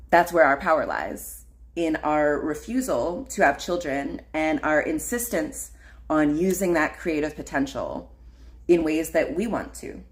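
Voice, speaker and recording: Slow, low-voiced woman chatting casually. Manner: rambling, filler-heavy, frequent laughs and "like". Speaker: podcast host. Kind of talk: casual solo livestream chat.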